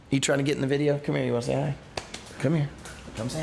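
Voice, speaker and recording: A man's voice: mid-range voice, racing, gravelly, slight background noise. A man who is a pastor leads a Bible study. He reads scripture aloud and then retells it in a loose, everyday way, with restarts and asides.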